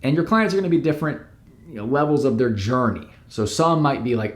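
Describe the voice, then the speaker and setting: A man's voice: medium pitch, expressive, fairly quick, roomy sound. A man who works as a business coach, giving direct, emphatic step-by-step advice to camera. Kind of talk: instructional talk to camera.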